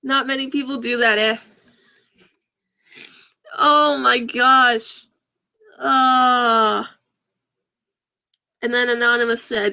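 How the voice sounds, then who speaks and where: A woman with a fairly high, pushed, bright voice reads awkward fan fiction and comments aloud on her video, going extremely slowly with long pauses but keeping a steady tone. It's casual comedy: she giggles, breaks into laughter, and sounds puzzled as she fumbles the text.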